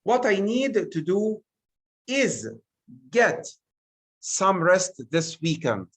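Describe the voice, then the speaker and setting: A male teacher talks through an exam revision lesson at an extremely slow pace, his pitch rising and falling widely. He is deliberate and stresses single words one by one. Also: very animated. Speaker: English teacher.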